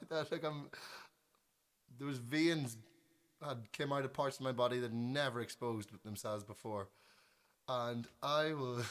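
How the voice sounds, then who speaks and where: A man's voice: mid-range voice, moderate pace. Chatty Northern Irish man telling a story. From Northern Ireland. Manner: self-deprecating, animated, trails off and restarts. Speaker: musician on livestream. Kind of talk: casual storytelling.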